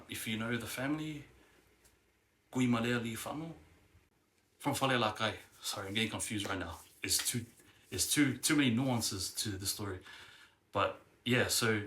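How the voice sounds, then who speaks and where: A young vlogger whose voice sits on the low side with a sharp edge recounts family history casually. He's rambling and hesitant, restarting often and using many fillers, recorded in an echoey room.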